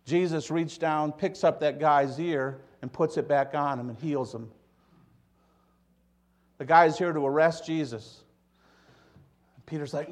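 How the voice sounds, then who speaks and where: A preacher tells a story from the pulpit, his voice sitting a bit higher than most men's. He swings between loud, pressing lines and hushed, quiet ones. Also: measured pace, pauses often. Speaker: pastor. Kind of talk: sermon.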